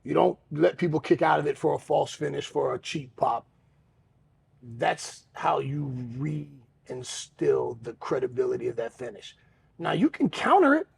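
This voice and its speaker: A man's voice: fairly high pitch, very animated, measured pace. A man co-hosting a podcast, talking frankly and profanely with a self-mocking streak. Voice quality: gravelly. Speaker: podcast co-host. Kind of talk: candid podcast chat.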